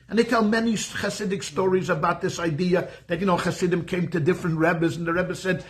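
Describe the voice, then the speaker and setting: A rabbi gives a class in an easy, conversational manner. His voice sits high for a man, and he likes to hammer points home by repeating words and throwing out rhetorical questions. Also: normal speed. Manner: animated, repeats phrases for emphasis, asks rhetorical questions. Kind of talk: conversational lecture.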